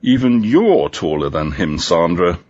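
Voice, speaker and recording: Male detective inspector, read by a narrator, earnest, husky voice, slightly raised pitch, lo-fi sound. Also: big pitch swings, unhurried, darkish tone, heavily acted. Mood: reflective.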